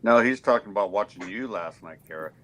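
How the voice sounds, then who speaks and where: A man's voice: fairly low pitch, expressive, brisk, fairly bright tone, slight background noise. A man chatting in a friendly way on a group call. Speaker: caller.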